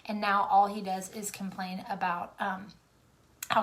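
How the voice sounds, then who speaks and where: A woman's voice: mid-range voice, flat delivery, measured pace. Chatty young woman venting while doing makeup. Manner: talkative, rambling, venting with frequent fillers. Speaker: makeup vlogger. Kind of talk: casual chatty livestream.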